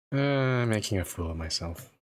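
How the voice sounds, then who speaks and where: A man streaming a strategy game, chatting casually and self-deprecatingly with lots of restarts. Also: lowish voice. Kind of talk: casual live-stream commentary.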